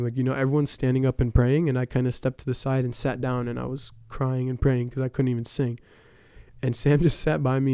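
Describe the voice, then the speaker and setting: A man's voice: medium pitch, warm tone, smooth, no room sound, clean studio sound. A young man giving a casual personal testimony at church, telling his story with lots of fillers and quoted dialogue.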